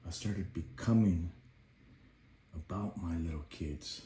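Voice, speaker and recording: A father tells a personal story in a lowish, mellow voice. He grows animated as he acts out his own past shouts, then turns reflective. The room around him is echoey. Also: slow pace, a little hiss or hum.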